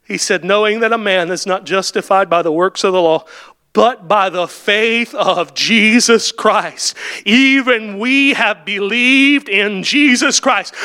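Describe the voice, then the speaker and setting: A man preaching a sermon with fervor, building to shouts and falling back to quiet, drawn-out phrases. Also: high-pitched. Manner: impassioned preaching, rising to shouts and dropping to near-whispers.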